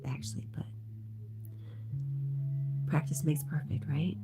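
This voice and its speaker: A woman's voice: low-pitched, fairly even intonation, measured pace, pauses often. A middle-aged woman hosting a livestream, chatting casually, reading viewer comments aloud, and laughing often. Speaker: livestream host. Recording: music playing in background.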